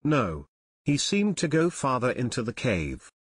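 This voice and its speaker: A man's voice: mid-range voice, huge pitch swings, a little slow, husky, no room sound, clean studio sound, exaggerated voice. A man reading an audiobook voices an eager teenage boy detective who speaks urgently and alertly.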